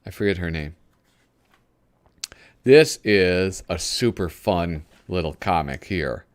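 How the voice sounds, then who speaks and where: A man's voice: deep voice, animated, slow pace. A male host giving casual live commentary while flipping through a magazine. He rambles, gropes for names and chuckles often.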